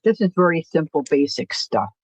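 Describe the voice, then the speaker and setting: A woman's voice: low-pitched, sing-song, moderate pace, darkish tone, husky, no echo, rough recording. A woman hosting a casual crafting livestream, rambling and self-deprecating, often stopping to restart her sentences. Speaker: crafting channel host.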